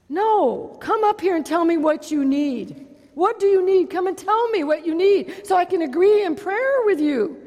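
A woman pastor preaching a sermon, calling out for amens and swinging between loud and hushed delivery. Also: high-pitched, expressive, normal speed, big-room sound.

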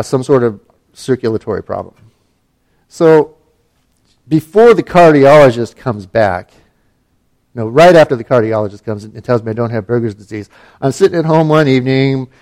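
A middle-aged man from Alaska recounts a personal story in an easy, conversational way. His voice sits at an ordinary middle pitch, and his humor is wry and self-deprecating. He stumbles and restarts often, as people do in unscripted talk. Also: a little mellow. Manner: wry, self-mocking, with frequent fillers and restarts. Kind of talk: personal story told casually.

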